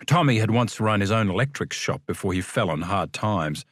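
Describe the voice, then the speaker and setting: A man reading a novel aloud as an audiobook narrator, with an expressive storytelling delivery. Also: lowish voice, a little fast, few pauses, no echo, clean studio sound.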